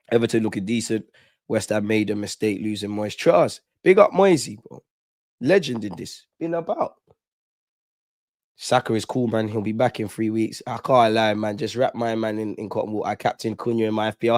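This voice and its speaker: A man's voice: on the low side, moderate pace, a little mellow, no echo, studio quality. A young man, chatting casually and animatedly on a live fan stream, full of slang. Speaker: fan channel host.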